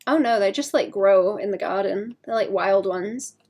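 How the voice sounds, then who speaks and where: A woman streaming as she draws, chatting to her viewers in a soft, rambling way with frequent fillers and light laughs. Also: medium pitch, a little slow, slightly rough. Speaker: art streamer. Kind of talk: casual chat while drawing.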